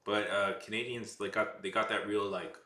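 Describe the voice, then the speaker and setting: A man's voice: lowish voice, fairly even intonation, normal speed, bright, forceful tone, echoey room. A man streaming while he draws, chatting casually with his viewers in a rambling, playful, joking way. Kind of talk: casual livestream chat.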